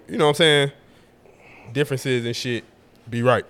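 A man's voice: mid-range voice, normal speed, a bit bright, clear, resonant tone. A young man co-hosting a podcast, talking in a laid-back way that hedges and trails off. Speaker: podcast co-host. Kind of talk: casual chat.

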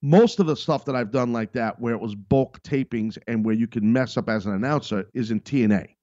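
A man's voice: medium pitch, brisk, a little mellow, no echo, muffled recording. Rambling, emphatic middle-aged man. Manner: rambling, emphatic, repeats points. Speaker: podcast host. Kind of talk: casual monologue.

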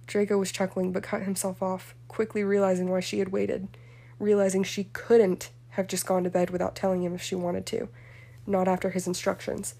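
Woman reading a story out loud, mellow voice, pretty flat and even. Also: mid-range voice, a little fast, vocal fry. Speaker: story reader. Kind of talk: audiobook-style reading of fan fiction.

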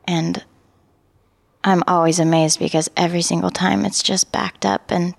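A woman yoga trainee sharing a personal story in a lively, laughing way. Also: fairly low pitch, normal speed, creaky, dry recording.

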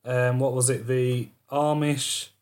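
A man's voice: mid-range voice, little pitch movement, takes it slowly, a little mellow. Man, podcast co-host, loose jokey delivery that wanders off topic. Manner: rambling, jokey, trails off on tangents. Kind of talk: casual chat.

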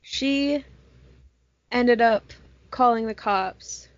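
A young woman chatting casually with friends and telling an animated story, swearing freely. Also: fairly high pitch, very slow, no echo. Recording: muffled lo-fi sound, dry.

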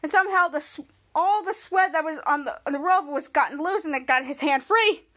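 A woman's voice: sits high, fairly quick, a bit bright. A woman hosting a podcast, casually recapping a TV episode scene by scene, rambling with frequent restarts. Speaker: podcast host.

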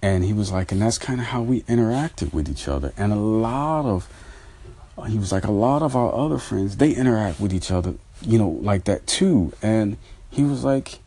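Earnest middle-aged male host, low husky voice, dry close sound, recounts talks and preaches a lesson. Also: expressive, moderate pace, mellow, dry recording. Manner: retells conversations, quoting others, earnest and preachy. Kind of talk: casual spoken commentary.

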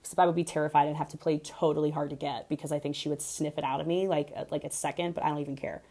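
A young woman giving a casual, gossipy reality TV recap, animated and full of "like". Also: deep voice, rapid-fire. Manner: gossipy, animated, heavy use of "like".

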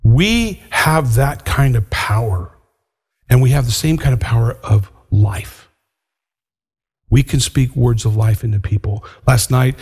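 An older male pastor with a husky voice delivers an earnest sermon and draws out the words he wants to land. His voice carries a long reverb, as if it is filling a large church hall. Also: mid-range voice, a little mellow. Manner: earnest, slows down to stress key words.

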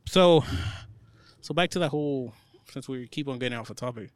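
A young man with a mid-pitched voice chats in a laid-back way, teasing his friends and using a lot of slang. The sound is close and dry. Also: brisk, dry recording. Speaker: podcast co-host. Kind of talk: casual chat.

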